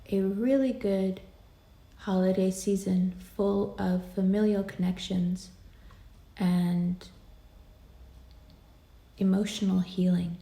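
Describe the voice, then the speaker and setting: Woman, tarot reader, unhurried delivery, gentle and reassuring, soft whispers, easy laughter. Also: mid-range voice, gravelly. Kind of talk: tarot card reading.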